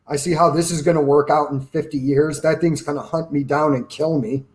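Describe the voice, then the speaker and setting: A man's voice: fairly high pitch, fairly even intonation, brisk. A man who runs a personal finance channel, chatting casually and telling opinionated stories with quoted asides. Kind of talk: casual livestream chat.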